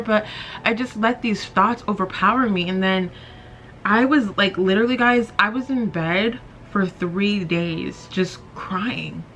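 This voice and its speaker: Her mid-range voice is a touch slow and a bit bright, with slight hiss or hum behind it. She's a beauty vlogger in her twenties, rambling candidly with lots of fillers as she does her makeup in her bedroom.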